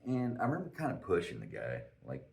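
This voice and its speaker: A man's voice: deep voice, wildly swooping pitch, fairly quick, vocal fry, a little mellow, distant mic. A man in his forties, a podcast host, telling a profane, self-mocking story in casual chat.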